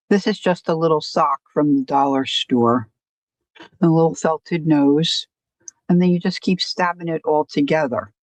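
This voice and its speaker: A woman's voice: sits low, a little mellow, dry recording, poor audio. A woman hosting a casual crafting livestream, rambling and self-deprecating, often stopping to restart her sentences. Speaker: crafting channel host.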